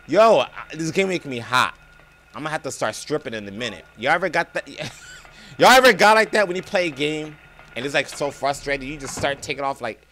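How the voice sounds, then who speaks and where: A young man giving let's play commentary, excitable, talking to viewers as "y'all" and yelping and laughing at scares. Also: on the high side. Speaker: gaming streamer.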